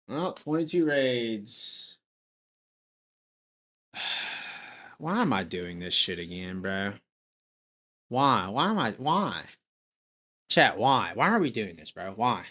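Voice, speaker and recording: A man's voice: mid-range voice, big pitch swings, slow pace, pauses often, sharp tone. A man streaming a game live, talking casually to his chat, frustrated and swearing as he rambles.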